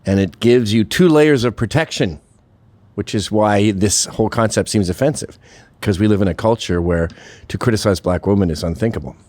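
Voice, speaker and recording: A man's voice: on the low side, moderate pace, darkish tone, no echo. A man hosting a show, talking through a sarcastic, profane monologue and laughing at his own jokes. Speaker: host. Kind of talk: casual monologue commentary.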